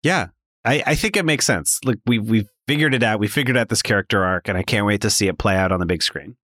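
Low-voiced casual man, dry sound. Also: fast talker, no room sound. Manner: loose, filler-heavy, animated. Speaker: podcast host. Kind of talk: casual chat.

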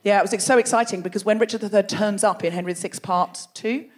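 A woman hosting a comedy podcast live on a theatre stage, teasing the audience in animated crowd work. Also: mid-range voice, fast talker. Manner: teasing, animated, laughing between jokes. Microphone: stage microphone.

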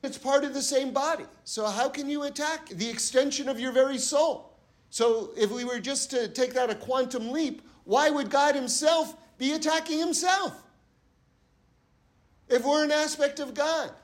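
A man's voice: very high-pitched, moderate pace. A man giving an earnest sermon-style Torah talk who repeats his points for emphasis and tells parables.

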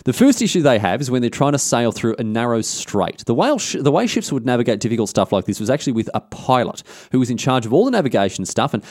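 Fast, lively Australian man telling history. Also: medium pitch, no echo, clean studio sound. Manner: animated, slangy, irreverent. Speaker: podcast host. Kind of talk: casual history storytelling.

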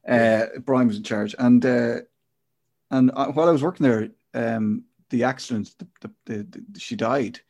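A man's voice: mid-range voice, moderate pace, gravelly, darkish tone. A middle-aged man hosting a casual chat podcast, telling a reflective, rambling story. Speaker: podcast host.

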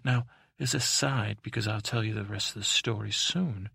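A man's voice: fairly low pitch, normal speed, gravelly, pushed and bright, slightly rough, no echo, clean studio sound. A man improvising a bedtime story as podcast host, meandering with asides and self-corrections.

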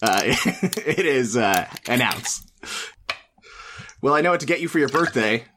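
A man's voice: medium pitch, expressive, a little slow, noisy background. A man co-hosting a casual podcast who giggles a lot and stumbles over his words. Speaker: podcast co-host. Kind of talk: casual chat.

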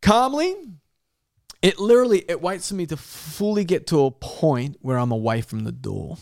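A young man telling an animal story with animated energy, swearing and laughing as he goes. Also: fairly high pitch, moderate pace, vocal fry. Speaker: guest storyteller. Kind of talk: casual podcast storytelling.

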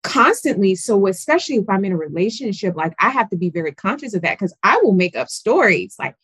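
A woman on a group video call, telling a personal story in an animated way. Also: medium pitch, a little fast, breathy edge, dry recording. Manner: animated storyteller, acts out voices. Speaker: call participant. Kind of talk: casual group chat.

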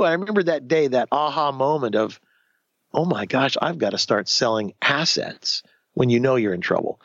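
Gravelly, animated man in his fifties. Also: mid-range voice, normal speed, no room sound, highs cut off. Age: 50s. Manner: animated, acts out quoted voices, restarts sentences. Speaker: guest telling his life story. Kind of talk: candid storytelling interview.

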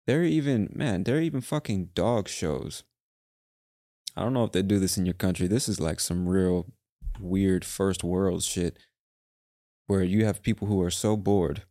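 A young podcast host rambles through a casual solo rant packed with swearing. His voice is low and dark, captured in a dry, studio-quality recording.

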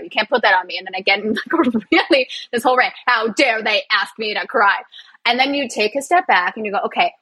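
A woman's voice: fairly high pitch, fairly bright tone, husky, low-quality recording. A woman guest on a podcast, a physiotherapist and actor, chatting with a sarcastic, self-mocking humor and frequent laughs. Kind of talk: casual interview chat.

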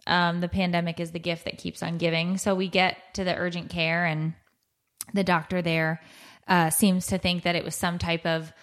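A woman's voice: lowish voice, little pitch movement, normal speed. A middle-aged woman hosting a podcast, telling stories in a rambling, casual way with many restarts. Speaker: podcast host. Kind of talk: casual chat.

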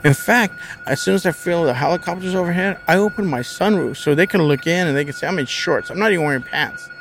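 A man's voice: on the high side, fast talker, over music. A man as an interview guest, telling a story casually with a vivid, profane manner.

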